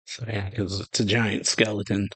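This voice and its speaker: A man's voice: on the low side, level tone, normal speed, fairly bright tone, slightly rough, rough recording. A man hosting a reaction video, casually reading a manga chapter aloud and paraphrasing it, now and then stumbling over names. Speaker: anime reaction channel host.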